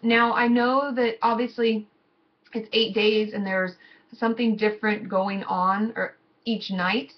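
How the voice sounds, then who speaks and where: A woman therapist giving casual, gently reassuring advice to her viewers in a chatty, conversational way. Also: on the high side, flat delivery, unhurried, lo-fi sound. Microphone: computer mic.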